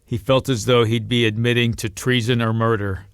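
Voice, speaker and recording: A man reading a novel aloud as narrator, in a steady storytelling manner. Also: normal speed, clean tone, no echo, clean studio sound. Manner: steady storytelling, lifts pitch and volume for quoted voices. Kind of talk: audiobook reading.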